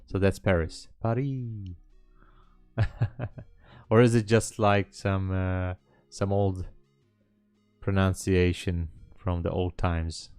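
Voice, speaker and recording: A man's voice: low-pitched, level tone, takes it slowly, long pauses, darkish tone, smooth, no room sound, faint music behind. A man hosting a live trading stream, chatting casually and hesitantly with viewers in a rambling way. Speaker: livestream trading host.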